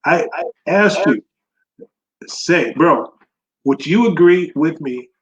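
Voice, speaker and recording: A man's voice: on the high side, animated, slow, roomy sound, highs cut off. A man in a heated religious debate who keeps saying "bro" and tries to steer the talk back to his argument.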